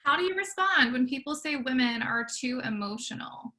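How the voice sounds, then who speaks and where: A woman's voice: high voice, expressive, moderate pace, pushed and bright. A woman participating in a group discussion who chimes in with friendly, helpful remarks.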